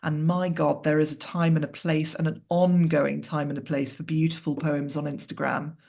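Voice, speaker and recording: A woman's voice: deep voice, little pitch movement, moderate pace, creaky, darkish tone. A woman author speaking as a guest in an interview, talking candidly and reflectively with wry asides over a video call.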